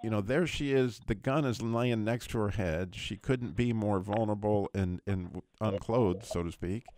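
On a radio prayer show, a middle-aged male host chats casually through a dramatic testimony, telling it with animation and letting his voice jump at each emotional high point. He speaks at a normal speed with a fairly low pitch, captured in a dry recording.

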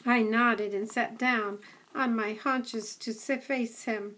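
A woman reading a children's novel aloud in a measured storytelling manner. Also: a little high, fairly even intonation, fairly bright tone. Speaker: audiobook reader.

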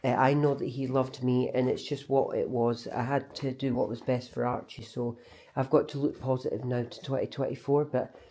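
A woman's voice: a bass voice, warm tone, slightly rough. Rambling Scottish woman vlogging. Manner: rambling, chatty, often restarts and corrects herself. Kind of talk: casual vlog chat.

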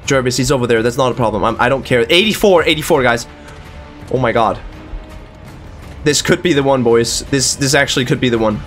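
A young man commenting on his own gameplay, excited and swearing, calling his viewers boys and guys. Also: mid-range voice, fairly quick. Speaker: gaming channel host. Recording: faint music in the background.

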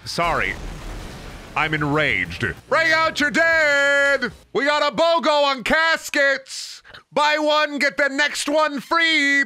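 Young male streamer, lively swinging pitch, bright tone; brash game commentary, lots of swearing. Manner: loud, swearing, jumps into silly voices. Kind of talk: casual gameplay commentary.

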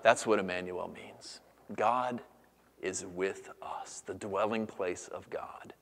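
A man in his thirties preaches from the pulpit in a somewhat low voice. His delivery is earnest, dropping to hushed near-whispers and rising again into lively storytelling. The sound carries the long reverb of a large church hall. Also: slow pace, gravelly. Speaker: pastor. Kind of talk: sermon.

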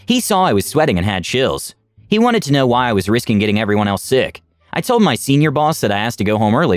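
A man reads online stories aloud in a scripted, expressive way. His pitch moves a lot and keeps the telling lively. The recording is dry, with faint music underneath. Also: no echo. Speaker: story narrator.

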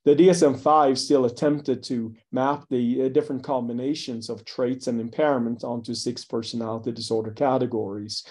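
A man's voice: medium pitch, a little mellow, husky. Hesitant man giving an academic talk. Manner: hesitant, many fillers, dry asides. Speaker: psychology lecturer.

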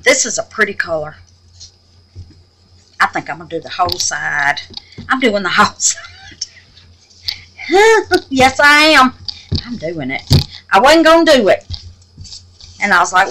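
A woman talks viewers through a craft project, her pitch leaping up and down as she goes. She speaks slowly, calls out to the Lord and drops into muttered, half-whispered asides, with a faint noise underneath. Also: wildly swooping pitch, a bit bright, rough recording. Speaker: resin craft channel host. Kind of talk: casual crafting tutorial.

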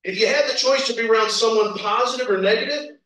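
A man's voice: very high-pitched, fast, sharp tone. A man preaching a sermon, telling stories with laughs and acted-out quotes. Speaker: pastor. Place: church sanctuary. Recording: roomy echo, from a distance.

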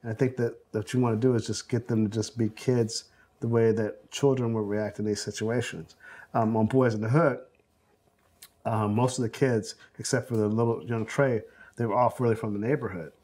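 A man in his forties from South Central Los Angeles, a film director telling anecdotes in an interview, animated and full of fillers, acting out quotes. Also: fairly low pitch, normal speed. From South Central Los Angeles, USA. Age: 40s. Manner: animated storyteller, acts out quotes, many fillers. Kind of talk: oral history interview, anecdotal storytelling.

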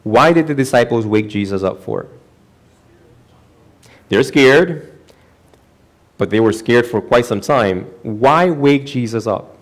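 A man preaches a sermon in a church, speaking at a middle pitch. He drops low and soft for earnest points, then jumps high and loud when he acts out the lines of the people he quotes. His delivery is animated and conversational. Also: slow pace, pauses often. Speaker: pastor.

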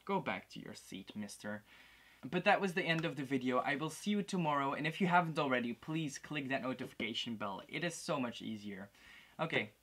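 A man's voice: medium pitch, fairly quick, a bit bright, a little hiss or hum. A man hosting a casual unboxing vlog, chatty, laughing often and poking fun at himself. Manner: giggly, self-deprecating, chatty. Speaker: host.

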